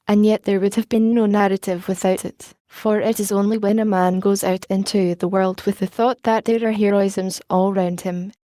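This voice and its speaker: A woman narrates an audiobook in a mid-range voice, with a measured, steady storytelling manner. The recording is clean studio sound with no room sound.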